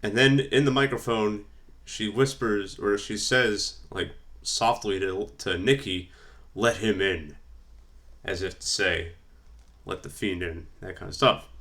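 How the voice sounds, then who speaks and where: A man with a low, deep voice talks casually and rambles as he works through his notes. His speech is loose and full of fillers and restarts. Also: bright, forceful tone. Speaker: wrestling vlogger. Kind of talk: casual fantasy-booking commentary.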